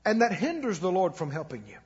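A male pastor preaches emphatically in a church sanctuary, calling on the congregation to repeat his words aloud. His high, husky voice is very animated and fairly quick, echoing in a large hall with the highs cut off.

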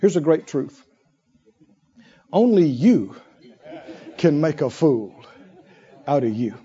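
A man preaching a sermon in an emphatic way, full of rhetorical questions and long drawn-out pauses. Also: fairly high pitch, big pitch swings, warm tone, dull audio, some chatter behind. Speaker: pastor.

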